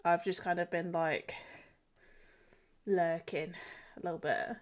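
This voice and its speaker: A woman's voice: fairly low pitch, fairly even intonation, slow pace. A young woman streaming while she draws, chatting and giggling through a cold. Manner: giggly, chatty, self-deprecating. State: has a cold. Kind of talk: casual live-stream chat while drawing.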